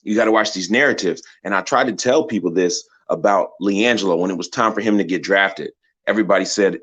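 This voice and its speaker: A man's voice: deep voice, fairly quick, a bit bright, breathy edge, highs cut off. A man hosting a sports channel, giving a passionate, preachy commentary full of rhetorical questions. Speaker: channel host.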